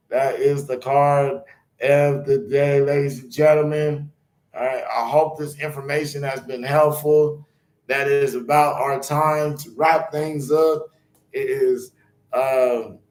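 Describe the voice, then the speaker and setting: A man's voice: mid-range voice, a little mellow, reverberant, poor audio. A man hosting his own spiritual channel, talking loosely and rambling between card readings and chanted blessings.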